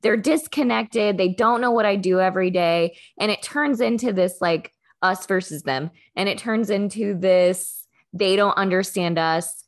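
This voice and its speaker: A woman's voice: mid-range voice, moderate pace. A woman in a casual panel discussion, joking and sarcastic.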